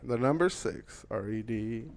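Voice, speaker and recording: A man's voice: medium pitch, unhurried, creaky. A man co-hosting a crude comedy podcast, throwing in joking asides and laughing along. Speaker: podcast co-host.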